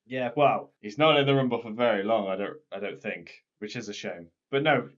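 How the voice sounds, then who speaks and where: A man's voice: lowish voice, fairly quick, fairly bright tone. Man chatting on a lo-fi podcast. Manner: leads the talk and walks his co-host through the event. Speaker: podcast co-host. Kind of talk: casual chat. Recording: dull lo-fi podcast audio.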